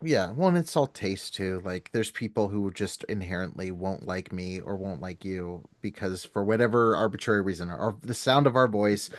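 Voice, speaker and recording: A man's voice: sits low, normal speed, hardly any pauses. A man from California who is a guest on a podcast, chatty and self-deprecating, joking and telling side stories. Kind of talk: casual podcast conversation.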